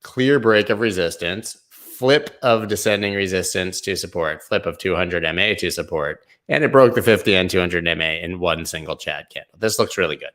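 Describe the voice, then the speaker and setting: A man's voice: low-pitched, normal speed, hardly any pauses, fairly bright tone. A man hosting a live crypto stream, talking casually and loosely over price charts with slang and asides. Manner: loose, rambling, slangy, hums and sings snippets. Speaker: crypto show host.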